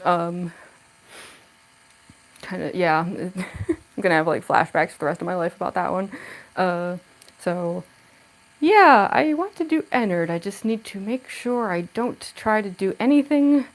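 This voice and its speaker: A woman's voice: lowish voice, lively intonation, measured pace, pauses often, low-quality recording. A young woman chatting casually with viewers on a home livestream, giggly and chatty, talking into a camera on a tripod. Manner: giggly, chatty, coos baby talk to her cat. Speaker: livestreaming cosplayer. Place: home room.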